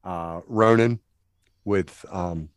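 A man co-hosting a podcast, chatting casually about films in a halting way, stammering and using lots of fillers. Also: sits low, clear, resonant tone, no echo. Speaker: podcast co-host. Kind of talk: casual film discussion.

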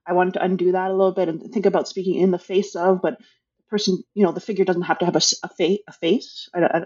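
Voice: mid-range voice, flat delivery, fast talker, darkish tone, husky, muffled recording. An author talking casually about their book, hesitant and thinking aloud, with many restarts. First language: English.

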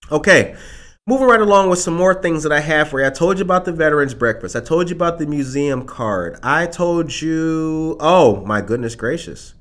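A man's voice: on the high side, lively intonation, moderate pace, fairly bright tone. A man hosting a casual live talk show, emphatic and fond of repeating phrases for punch. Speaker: show host.

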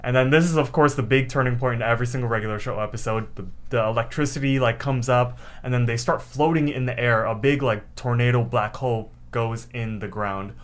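A man's voice: mid-range voice, steady tone, brisk, few pauses. A man co-hosting a podcast, retelling a cartoon episode in a loose, rambling way with swearing. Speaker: podcast co-host. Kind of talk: casual chat recapping a cartoon episode.

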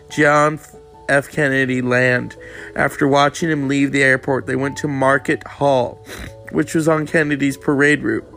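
Guy with a gravelly voice rambling, swearing a lot, reading stuff off websites, some faint music behind. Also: medium pitch, fairly bright tone. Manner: profane, reads aloud from web pages. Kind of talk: rambling casual monologue.

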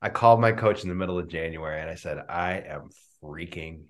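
A middle-aged man, a business coach, answering interview questions with lively storytelling and acted-out dialogue over a video call. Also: deep voice, very fast. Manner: animated storyteller, acts out quoted dialogue. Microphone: remote video call.

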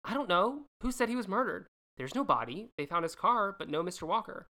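A woman's voice: mid-range voice, sing-song, fairly quick, bright, forceful tone. A woman voicing an eager, headstrong teenage girl sleuth in a casual podcast read-through. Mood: determined.

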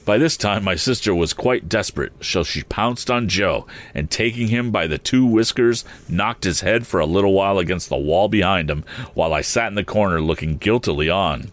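Brief: low-voiced male narrator, measured and steady, classic audiobook reading.

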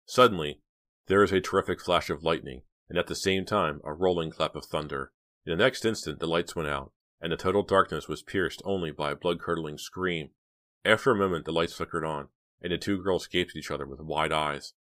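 A man narrating an audiobook in an even, measured storytelling manner. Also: sits low. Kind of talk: scripted narration.

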